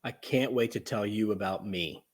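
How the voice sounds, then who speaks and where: A man who is a podcast guest, chatting casually and lively, telling stories and asking rhetorical questions. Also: fairly low pitch, moderate pace, a crowd in the background.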